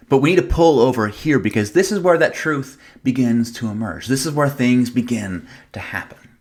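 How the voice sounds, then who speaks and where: A man's voice: mid-range voice, lively intonation, normal speed. A man preaching a sermon as pastor, in a casual, conversational way, retelling the story with playful drama and rhetorical questions.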